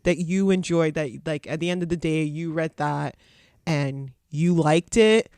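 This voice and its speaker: A man's voice: a little high, unhurried, a little mellow, clean tone, dry recording, clean studio sound. A man, a guest artist on a podcast, talking loosely and chattily with lots of fillers and frequent laughs. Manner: loose and chatty, heavy use of "like", laughs often. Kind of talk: casual interview chat.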